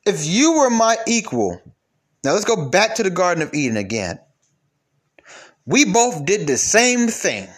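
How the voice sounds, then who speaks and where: A man giving a preachy monologue to his viewers, emphatic, swinging between loud and low. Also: sing-song, a little slow, pauses often, breathy edge.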